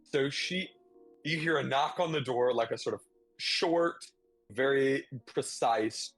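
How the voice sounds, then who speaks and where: A man narrating a tabletop game as game master, halting and thinking aloud. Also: medium pitch, a bit bright, soft background music.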